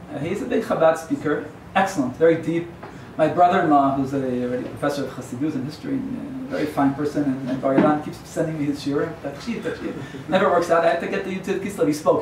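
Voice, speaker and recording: A man's voice: fairly high pitch, fairly quick. A man, a rabbi, giving a sermon in a digressive, joking storyteller's way, recorded in an echoey hall from far off. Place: yeshiva lecture hall. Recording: echoey hall, far from the mic, faint hum.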